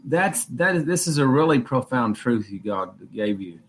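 A man speaking up in a group call, earnest and halting as he responds to the preacher. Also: medium pitch, big pitch swings, breathy edge. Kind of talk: casual chat.

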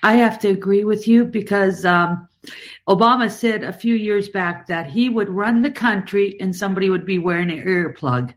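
A woman's voice: mid-range voice, moderate pace. A woman caller with a mid-range voice. She agrees readily with the host. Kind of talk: call-in chat.

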